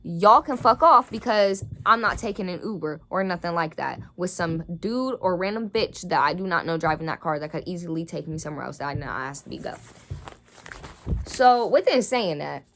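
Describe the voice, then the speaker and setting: A young woman with a slightly low voice rants to camera in a storytime vlog. She is indignant and swears constantly as she tells the story, heated and blunt throughout. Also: expressive, brisk, fairly bright tone. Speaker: vlogger.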